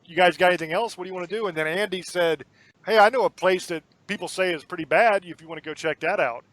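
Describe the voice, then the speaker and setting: A man's voice: high voice, quick pace, a bit bright, no echo, poor audio. A man hosting a podcast, chatting casually and asking long, rambling questions with enthusiasm. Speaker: podcast host. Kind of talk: casual interview chat.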